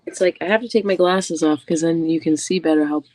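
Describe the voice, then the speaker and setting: A woman's voice: sits low, steady tone, quick pace, a little mellow, rough recording. A woman co-hosting a casual crochet livestream, stuffy from allergies, chatting and telling small stories. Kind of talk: casual chat.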